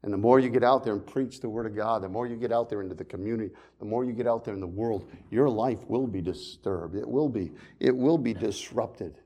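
A man pastor preaching a sermon, swinging between loud emphasis and quiet, hushed storytelling. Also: on the low side, brisk, few pauses.

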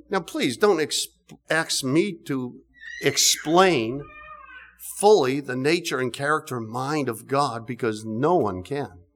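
Animated preaching man, higher pitch. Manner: animated, rising to emphatic bursts, many restarts. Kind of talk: sermon.

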